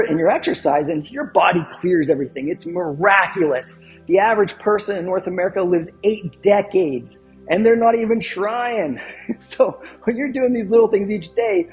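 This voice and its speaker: A man's voice: sits high, a little mellow. A male fitness coach giving an instructional talk, emphatic and fond of repeating his catchphrases and asking the viewer questions.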